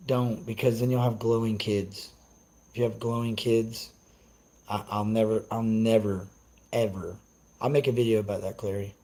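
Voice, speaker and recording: A man's voice: fairly low pitch, mellow, poor audio. A young man on a casual live stream, ranting brashly and cursing as he answers his chat. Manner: profane, brash, trash-talking.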